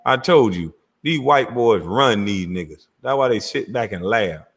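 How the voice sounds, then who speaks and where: A man's voice: lowish voice, animated, measured pace, breathy edge. A man hosting his own channel, cursing and mocking as he reacts to clips. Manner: mocking, cursing, laughing loudly. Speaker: commentary channel host. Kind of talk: profane reaction rant.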